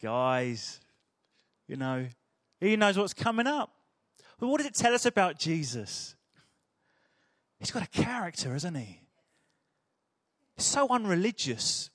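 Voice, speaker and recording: A man's voice: high voice, very animated, unhurried, long pauses, dry recording, clean studio sound. A man preaching a sermon in a chatty, humorous storytelling way.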